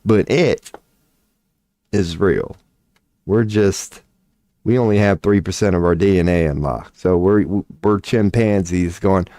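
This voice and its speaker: A man with a fairly low, mellow voice rambles casually and profanely at a measured pace on a home webcam stream, joking loosely and slipping into silly voices. He's on a webcam mic, yet the sound is clean and studio-like with no echo.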